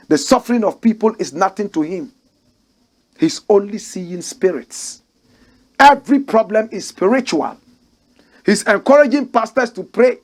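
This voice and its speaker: Brief: Ghanaian man, fiery commentator, mocking and preachy, slightly high voice. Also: a little mellow. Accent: Ghanaian English. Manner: mocking, emphatic, preachy with repeated rhetorical questions.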